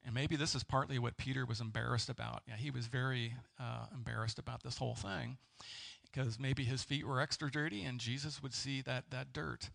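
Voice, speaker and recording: A man preaching a sermon as a pastor, halting and searching for words with many fillers and restarts. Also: mid-range voice, steady tone, gravelly, fairly bright tone. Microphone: presenting with slides.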